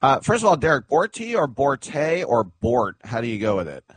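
A man's voice: mid-range voice, sing-song, moderate pace, slightly rough, no echo. A man hosting a sports radio talk show, telling rambling stories in a chatty way and laughing at them.

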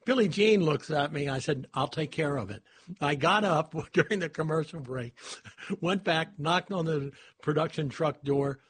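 Male sports radio host with a slightly husky, higher voice, chatting easily with his guest. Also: normal speed. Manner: conversational, with fillers and restarts. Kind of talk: radio interview.

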